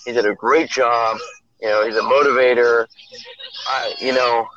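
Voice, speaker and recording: A man co-hosting a podcast talks in loose, rambling chat full of fillers. His audio sounds muffled and lo-fi. A loud crowd chatters behind him. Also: mid-range voice, fairly even intonation, moderate pace. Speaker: podcast co-host. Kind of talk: casual chat. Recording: dull lo-fi audio over a noisy crowd.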